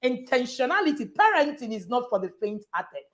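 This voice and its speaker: A woman's voice: on the high side, big pitch swings, brisk. A woman, hosting a live parenting session, emphatic and repeating slogans with frequent laughs. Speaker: parenting coach and host. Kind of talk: live online session chat.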